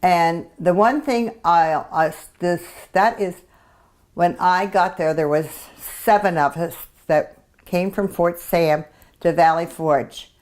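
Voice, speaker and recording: An elderly woman veteran in an oral history interview, her voice sitting a little low. She speaks reflectively and haltingly, restarting her sentences as she recalls. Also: darkish tone. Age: 80s.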